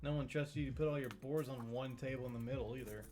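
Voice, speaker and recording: A man's voice: medium pitch, fairly even intonation, fast, a little mellow. A man trading dry, teasing quips in casual banter on a stream.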